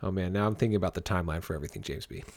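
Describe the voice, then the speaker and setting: A man co-hosting a casual podcast, recapping a story in an animated way and often laughing. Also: low voice, very fast, no room sound, clean studio sound. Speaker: podcast co-host. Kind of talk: casual comic book podcast chat.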